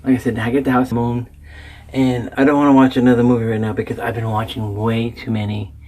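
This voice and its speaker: A man's voice: mid-range voice, level tone, fairly quick, a little mellow. A man talking casually at home, rambling about films he has watched, chatty and self-deprecating. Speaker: vlogger. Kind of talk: casual chat about movies.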